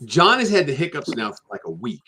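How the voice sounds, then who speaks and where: A man's voice: medium pitch, wildly swooping pitch, a little fast, sharp tone, a little hiss or hum. A man hosting a live talk show who is easygoing and chatty and laughs often. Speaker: host. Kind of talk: casual chat.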